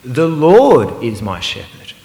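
A man preaching a sermon, earnest and emphatic, sometimes slowing to a hushed, meditative repetition. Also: mid-range voice, huge pitch swings, creaky. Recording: roomy hall with long reverb.

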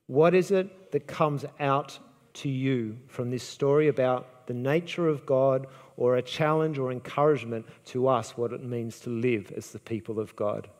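Dramatic storytelling preacher in a reverberant hall. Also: male voice, medium pitch, a little mellow. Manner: dramatic storytelling, acting out the quoted lines. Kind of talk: sermon retelling a Bible story.

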